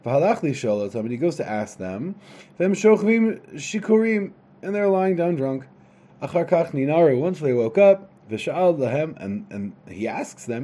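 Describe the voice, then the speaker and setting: A man tells a folktale by reading each line and then translating it in a casual, chatty way, often restarting his phrases. His voice is low and mellow, and it rises and falls a lot as he goes. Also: sing-song, brisk, slightly rough. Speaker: storyteller. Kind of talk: reading a Hebrew tale aloud and translating it into English.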